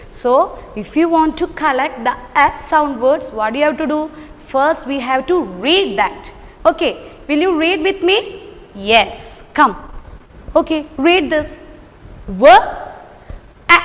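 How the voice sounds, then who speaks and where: A woman teaching young children phonics, sounding out letters slowly and answering her own questions. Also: high voice, a bit bright, in a large hall. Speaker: kindergarten teacher.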